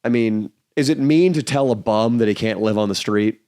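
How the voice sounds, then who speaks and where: A man's voice: lowish voice, normal speed, dark tone, clear, resonant tone. A man co-hosting a podcast, roasting his guest in dry, teasing casual banter. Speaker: podcast co-host.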